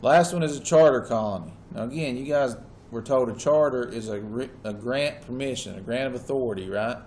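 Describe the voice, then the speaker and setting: A man's voice: mid-range voice, a little fast, a little mellow, a little hiss or hum. Man teaching a class, checking in often. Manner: checks in often with students, casual Southern-style phrasing. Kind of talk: classroom lecture.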